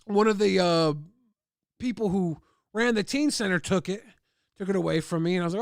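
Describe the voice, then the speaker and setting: A man with a high, gravelly voice rambles through crude stories, full of "like" and loose asides. He jumps into other people's lines with a raised voice. The sound is dry and close, with no room around it. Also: normal speed, no echo. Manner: rambling crude anecdotes with many "like" fillers. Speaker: livestream host. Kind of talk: casual storytelling.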